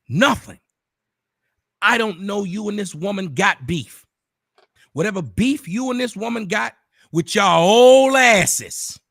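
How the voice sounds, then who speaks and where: Furious profane man, high and lively. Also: dry recording, studio quality. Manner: profane, confrontational, repetitive; bursts into shouting. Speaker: online commentator. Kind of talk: angry direct-address rant.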